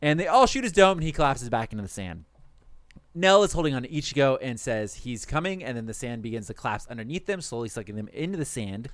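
A man's voice: medium pitch, very animated, fast, no room sound. A man animatedly recapping a cartoon plot for friends in casual, profane storytelling, laughing often.

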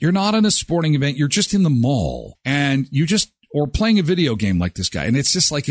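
A man's voice: fairly high pitch, fairly quick, hardly any pauses, dry recording, clean studio sound. A man hosting a daily morning show, chatting casually and telling jokey stories. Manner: chatty, jokey, animated storytelling. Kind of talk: casual radio show chat.

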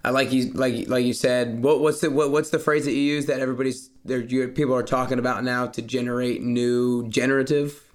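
A man's voice: mid-range voice, fairly even intonation, brisk, few pauses. A man hosting an interview, asking questions with frequent restarts and eager reactions. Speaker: interview host. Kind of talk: conversational interview.

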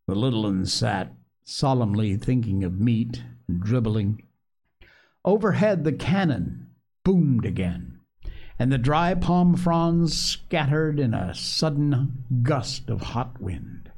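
A man narrating a novel aloud in a measured, dramatic way. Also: mid-range voice, big pitch swings, a little mellow. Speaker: audiobook narrator. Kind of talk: expressive novel reading.

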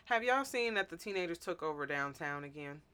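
A woman's voice: low-pitched, fairly quick, slight background noise. A woman hosting a podcast, chatting casually and laughing often as she tells stories. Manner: animated, laughs often, repeats words. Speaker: podcast host. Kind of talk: casual chat.

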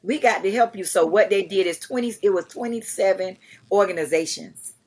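Middle-aged woman, animated, conversational storytelling, frequent restarts. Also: mid-range voice, brisk, husky. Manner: animated, acts out quotes, many restarts. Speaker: guest, charity founder.

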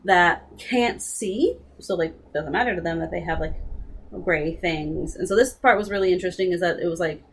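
A woman's voice: on the low side, moderate pace, slight background noise. A young woman casually retelling a book's plot, rambling with lots of "like" and restarts. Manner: rambling, filler-heavy with frequent "like". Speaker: book discussion co-host. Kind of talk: casual chat retelling a book.

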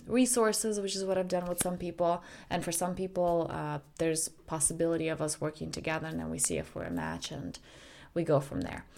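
A woman coach talks straight to her listeners, earnest and blunt enough to swear now and then. Her voice sits fairly low and has a gravelly, fried edge. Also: darkish tone. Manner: earnest, direct, mildly profane. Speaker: life coach and podcast host. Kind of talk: casual spoken monologue.

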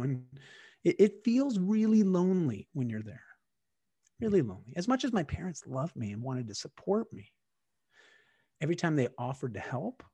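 A man's voice: fairly high pitch, darkish tone, husky, no room sound. A man from Canada telling his own story in a candid, reflective way, often restarting his sentences. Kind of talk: personal storytelling.

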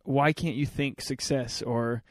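A man's voice: mid-range voice, steady tone, a little slow, dry recording, clean studio sound. Crude, joking male podcast host. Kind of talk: casual banter.

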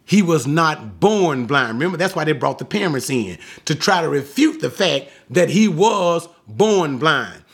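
A man's voice: fairly high pitch, big pitch swings, measured pace, creaky, few pauses, fairly bright tone. A man teaching the Bible verse by verse, emphatic and repetitive, stopping often to ask his listeners rhetorical questions. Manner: emphatic, repeats points, asks rhetorical questions.

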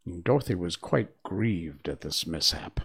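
A man reading a fairy tale aloud in an expressive storytelling manner. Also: sits low, a little slow, creaky, husky. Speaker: narrator.

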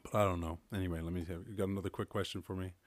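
A man's voice: sits low, steady tone, very fast, dry recording. An Irish man hosting a solo podcast, telling stories in a rambling, casual way full of filler words. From Ireland. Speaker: podcast host.

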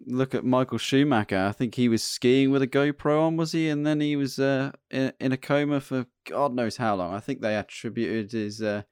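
A man in a casual chat as co-host, relaxed, asking questions and laughing easily. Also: mid-range voice, moderate pace, few pauses, smooth, no room sound, studio quality.

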